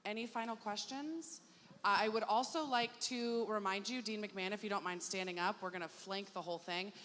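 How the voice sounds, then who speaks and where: A woman's voice: medium pitch, normal speed, fairly bright tone, a little hiss or hum. A woman staff member hosting an orientation panel, motherly and reassuring in manner. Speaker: staff moderator. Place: performing arts hall. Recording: long hall reverb, faint ambience.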